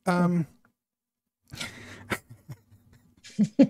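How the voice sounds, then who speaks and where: Slow, dry-voiced male game master. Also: a little mellow, no echo. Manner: slow, measured, with fillers. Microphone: mic on a voice call.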